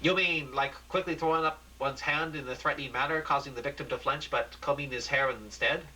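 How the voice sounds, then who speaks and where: A man voicing a frantic male TV field reporter, breathless and rising to near-shouting. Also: medium pitch, fairly quick, pitched above the performer's own voice, lightly acted, low-quality recording. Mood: reporting.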